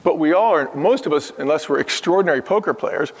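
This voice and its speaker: A man's voice: a little high, expressive, fast. Emphatic fiftyish man with a lifted voice. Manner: earnest, emphatic storytelling that acts out the people he quotes. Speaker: podcast guest, former restaurant chief executive. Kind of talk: conversational interview. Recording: long hall reverb.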